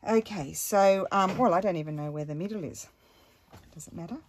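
A woman's voice: lowish voice, fairly quick, background noise. A woman chatting casually while making a craft at home, rambling with many ums and asides. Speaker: craft vlogger. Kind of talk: casual craft-along chat.

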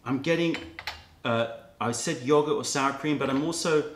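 A man of middle pitch talks through a tea tasting in a casual, musing way, slowly piling up flavour notes one after another. The room around him is echoey, with a faint hiss of noise. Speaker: tea shop host. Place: indoor room with cups and kettles.

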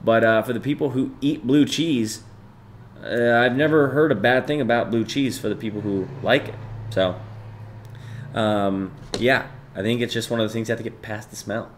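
A man's voice: mid-range voice, moderate pace, a little hiss or hum. A young man in his twenties chatting casually and profanely with his stream viewers, bantering loosely and reading chat aloud.

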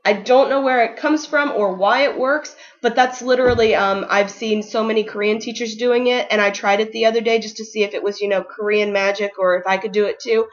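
A woman's voice: on the high side, fairly even intonation, a little fast, few pauses, highs cut off. A young woman teacher giving casual, upbeat advice in a vlog, full of ums and likes. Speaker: ESL kindergarten teacher.

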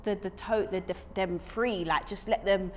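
A woman's voice: mid-range voice, steady tone, moderate pace. A playful woman hosting a casual podcast, firing off teasing questions. She talks over a faint hiss in the background. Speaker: podcast host. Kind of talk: casual chat.

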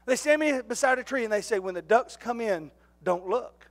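A high-pitched man preaches in a church. He tells his stories in an animated, jokey way and raises his voice to a shout at the punchlines. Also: a little fast. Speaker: pastor. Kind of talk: storytelling sermon.

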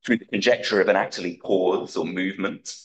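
Low-voiced man reading a scholarly paper. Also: steady tone, poor audio. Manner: measured, precise scholarly delivery with dry wit. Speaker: conference speaker. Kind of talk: academic paper read aloud.

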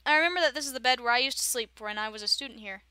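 A woman voicing a former student exploring an old boarding school in a horror game, in a lowered, subdued tone. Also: rapid-fire, bright, forceful tone, clear, resonant tone, no room sound. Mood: wary.

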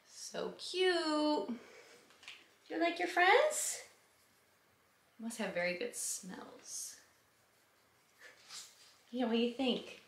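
A woman's voice: fairly high pitch, very animated, measured pace, creaky, pauses often. A woman hosting a casual unboxing vlog, slipping into sing-song baby talk as she chats to her dog at home. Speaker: vlog host. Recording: roomy, echoey room sound.

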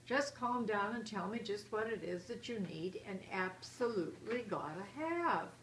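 A woman reading aloud plays a patient father bear from a picture book. He sounds puzzled but fatherly, his pitch swinging widely. Faint background noise. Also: expressive, unhurried, fairly bright tone, reverberant, distant mic. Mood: bemused.

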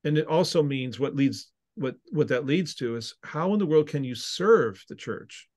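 A man's voice: on the high side, expressive, normal speed, a little mellow. A man, a seminary professor and minister, answering interview questions with an earnest, teaching tone and frequent restarts.

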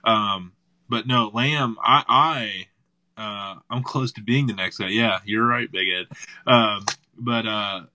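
A man hosting a casual live chat, excitable and laughing easily. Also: on the low side, slow, poor audio. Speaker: host.

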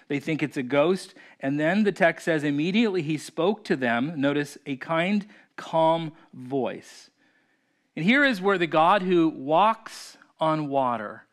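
A male pastor preaching an online sermon, reflective, slowing and softening his voice to stress key words. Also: a little high. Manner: reflective, slows and softens for emphasis.

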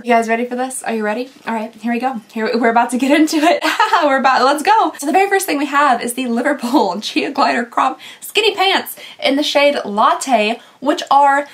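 A woman's voice: high-pitched, moderate pace, few pauses. A young woman vlogging a clothing try-on, ranting dramatically with sarcastic asides and sounding exasperated. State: out of breath. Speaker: fashion vlogger. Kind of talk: exasperated try-on haul vlog.

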